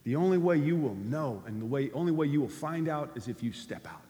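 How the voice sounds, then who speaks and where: A man preaching a sermon as a pastor, swinging between loud cries and low, quiet lines. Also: lively intonation, brisk. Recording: long hall reverb.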